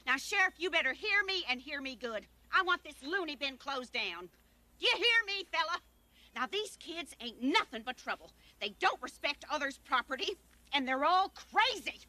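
An actress playing a foul-mouthed old farm woman who is furious and crazed, with loud, threatening speech in film dialogue. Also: sits high, big pitch swings, normal speed, heavily acted. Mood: ranting.

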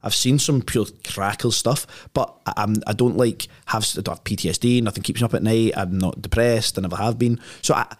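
A man's voice: fairly low pitch, brisk, hardly any pauses. A man, a podcast guest telling a story in a casual, slangy way, full of "like" and "right?".

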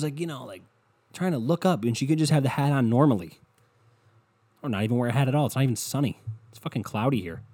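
A man's voice: fairly high pitch, darkish tone, slightly rough, dry recording. A man hosting a solo podcast, ranting in a scatterbrained, profane way from a hot indoor room. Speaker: podcast host.

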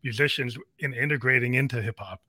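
Bright-voiced musician musing on jazz. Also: male voice, mid-range voice, fast talker, breathy edge, dry recording, studio quality. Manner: reflective, rambling, many "you know"s. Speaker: graphic novel artist and musician. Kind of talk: casual interview chat.

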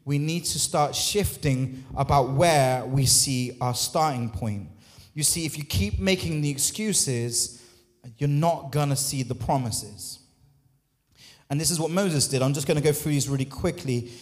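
A man preaching a sermon as lead pastor, impassioned, his voice surging up and dropping into quick asides. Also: on the high side. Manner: impassioned, swings between loud rises and quick quiet asides. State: out of breath. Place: church hall. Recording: long hall reverb.

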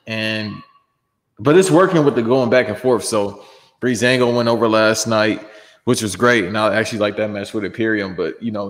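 A man with a lowish voice bantering in loose slang and casual swearing on a wrestling chat show. His voice rings with a long reverb, as if he is recorded in a reverberant space. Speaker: podcast co-host.

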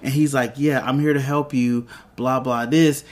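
A man's voice: medium pitch, steady tone. Casual man rambling through a show recap. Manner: rambling, retells scenes with quick quoted voices. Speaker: TV show reviewer.

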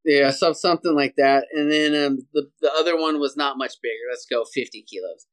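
Brief: man, podcast guest on a video call, casual animated storyteller, mid pitch, keeps saying "dude". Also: brisk. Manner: animated, energetic storyteller, says "dude" often.

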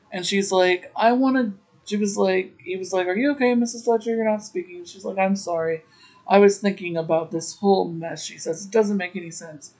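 A woman's voice: on the low side, darkish tone, low-quality recording. A woman hosting a podcast, recapping an episode in a chatty, casual way with laughing asides. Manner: chatty, laughing asides, slow drawn-out delivery. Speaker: podcast host.

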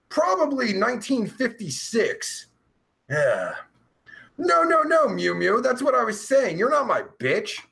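A man hosting a live stream, reading chat aloud in a brash, profane, loud way. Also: high voice, vocal fry.

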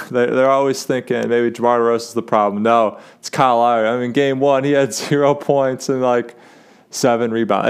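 A man's voice: medium pitch, clean tone. A young man hosting a casual sports talk show, rambling with lots of fillers and restarts as he gives his takes. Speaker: sports podcast host.

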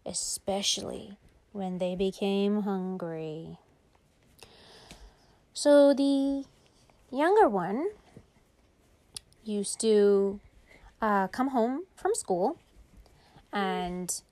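Woman telling a bedtime story. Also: mid-range voice. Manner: lively, drops to whispers, drawn-out words.

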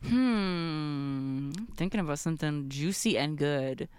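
A woman's voice: sits low, slow, clean tone, no room sound. A young woman co-hosting a playful chat, teasing and laughing as she reads out short paragraphs. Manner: giggly, teasing, animated. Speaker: co-host. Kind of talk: playful casual chat and reading. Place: small studio, close mic.

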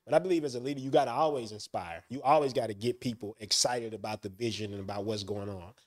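Fast-talking man hosting a podcast. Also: fairly low pitch. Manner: eager, steers topics. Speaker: podcast host. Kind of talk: casual chat.

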